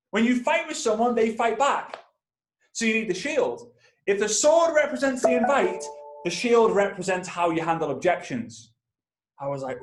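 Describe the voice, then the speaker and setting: Animated trainer with a high voice. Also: male voice, moderate pace, echoey room. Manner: animated, addresses listeners directly. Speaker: network marketing trainer. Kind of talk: energetic storytelling talk.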